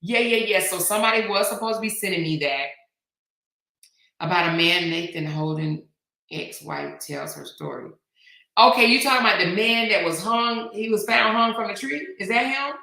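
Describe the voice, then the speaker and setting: Middle-aged lady chatting on her live stream, animated and slangy, voice a bit sharp, roomy echo. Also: mid-range voice, normal speed. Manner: chatty, animated, slangy, reads viewer comments aloud. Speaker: host. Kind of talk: casual live-stream chat.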